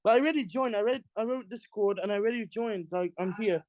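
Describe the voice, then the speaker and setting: A nineteen-year-old from England calls in on his phone with a high, bright voice. He talks in excited, halting bursts and laughs often. The sound is dry and close. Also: no room sound. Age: teens. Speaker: caller.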